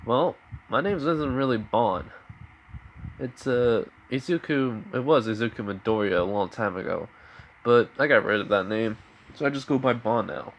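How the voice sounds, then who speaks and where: A man's voice: medium pitch, moderate pace, slight background noise, close to an everyday voice. A man voicing an easygoing teenage boy hero who talks in an offhand, conversational way, barely shifting from his own voice.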